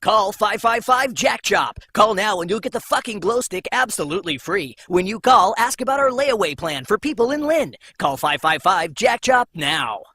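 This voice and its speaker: A man's voice: high-pitched, animated, normal speed, few pauses, pushed and bright. A man doing a hard-sell ad announcer. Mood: pushy. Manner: hard-sell ordering spiel. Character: fast-talking male ad announcer.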